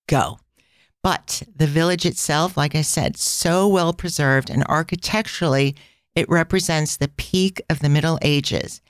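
A woman's voice: low voice, smooth, no room sound, studio quality. A woman hosting a casual travel podcast, telling stories in a chatty way with tangents and asides. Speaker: podcast host.

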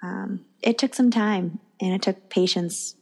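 A woman's voice: mid-range voice, a little slow, vocal fry, darkish tone, husky. A young woman speaking candidly and earnestly as a guest, telling her personal faith story.

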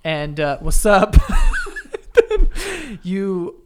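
A man's voice: on the high side, lively intonation, brisk, background noise. A man co-hosting a podcast, teasing his friend and laughing often in casual chat. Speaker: podcast co-host.

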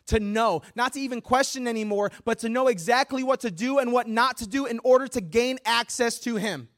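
A man preaching a sermon in a church, reading scripture and joking in a lively, conversational way. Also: very high voice, a little fast. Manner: animated, humorous, conversational preaching. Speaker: guest preacher.

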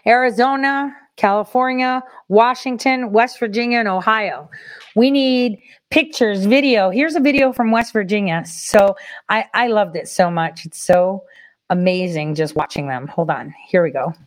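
A woman's voice: mid-range voice, moderate pace, no echo, low-quality recording. A woman talks casually to her viewers as she hosts a livestream, moving from point to point in a loose, conversational way. The sound is close and dry, with no room behind her. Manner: chatty, addresses viewers directly. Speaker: host.

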